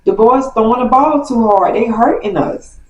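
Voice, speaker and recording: A woman voicing a sulky little girl who complains that the boys play too rough, recorded in a roomy space away from the mic. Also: on the high side, moderate pace, recorded from a distance, dull audio, pitched above the performer's own voice, close to an everyday voice. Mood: whiny. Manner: pleading, sulky.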